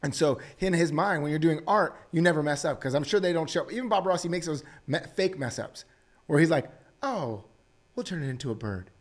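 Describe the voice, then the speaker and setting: A man's voice: a little high, quick pace. A man hosting a podcast, chatting casually, who tells stories with energy and acts out the voices in them. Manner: animated storyteller, acts out quotes. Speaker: podcast host.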